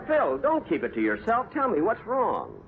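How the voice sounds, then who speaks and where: Jack, a dry sarcastic comedian. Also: male voice, high voice, huge pitch swings, normal speed, creaky, crowd noise, background noise, full character voice. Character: exasperated, wisecracking male comedian. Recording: tinny old radio broadcast with studio audience.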